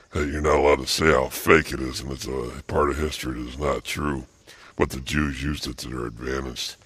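Forceful and tense, an older man rants angrily in a monologue, his voice extremely deep and husky. He repeats phrases and halts on fillers, and the dry recording has no echo or room sound.

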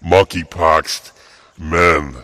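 A man's voice: low voice, flat delivery, bright, forceful tone, dry recording, clean studio sound. An older man delivering an angry, agitated monologue, repeating himself and stumbling over fillers. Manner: agitated, repetitive, halting with many fillers.

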